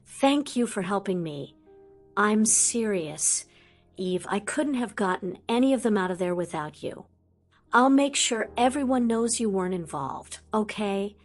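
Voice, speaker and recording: A woman voicing an anxious, tender teenage wizard boy who speaks in a hurried, apologetic way. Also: mid-range voice, animated, faint music behind. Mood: urgent, tender.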